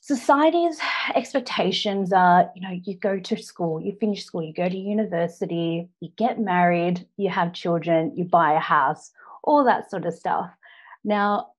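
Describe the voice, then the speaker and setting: An Australian woman in her thirties giving an earnest personal story speech, often pausing on "now" to set up the next part. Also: medium pitch, a little mellow. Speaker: public speaker.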